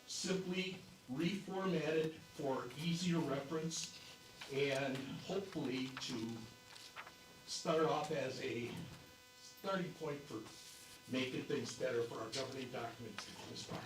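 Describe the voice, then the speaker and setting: Guy presenting committee report at a convention, measured and explaining, echoey hall, mic kinda far off. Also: medium pitch. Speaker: committee chair presenting bylaws. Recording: echoey hall, distant mic, faint noise.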